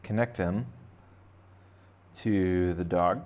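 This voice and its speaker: A man's voice: low-pitched, drawn-out words, darkish tone. A man teaching kids to draw in a casual, rambling, jokey way, thinking aloud as he sketches. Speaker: art teacher. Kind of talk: casual drawing lesson for kids.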